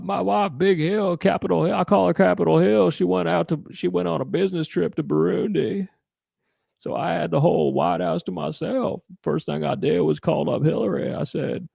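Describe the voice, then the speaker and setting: A man doing a comic impression of a simple-minded Southern man with presidential airs, slow and drawling. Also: high voice, creaky, dark tone, slightly rough, dry recording, voice pushed up, heavily acted. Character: dim-witted Southern man mashed up with a president.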